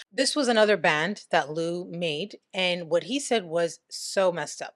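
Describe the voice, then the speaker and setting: A woman's voice: lowish voice, no room sound, studio quality. A woman giving casual commentary in a vlog, chatty, swearing now and then, and reading quotes aloud. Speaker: commentary vlogger.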